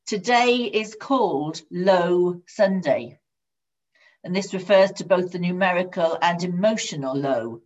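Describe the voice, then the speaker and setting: A woman preaches a sermon with a steady, measured storytelling delivery. Her voice sits low for a woman. The recording is dull and lo-fi. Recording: dull lo-fi sound.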